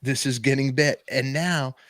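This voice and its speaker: A man's voice: mid-range voice, normal speed, no room sound, clean studio sound. A man, hosting a podcast and telling a long story in casual chat, acting out the other people's voices as he goes. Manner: animated storyteller, acts out voices in quotes. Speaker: podcast host.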